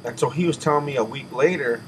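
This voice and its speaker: A man giving an emotional personal testimony, halting and restarting often, with sighs as he catches his breath. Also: mid-range voice. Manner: halting, with many restarts and repeated words. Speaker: person telling a spiritual testimony. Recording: audible background noise.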